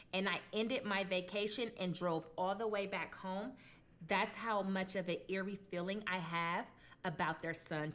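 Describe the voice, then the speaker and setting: A woman retells a true crime case over a meal in a relaxed, chatty voice. She talks conversationally, with blunt, colloquial asides. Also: mid-range voice. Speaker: true crime mukbang host. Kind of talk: casual true crime storytelling while eating.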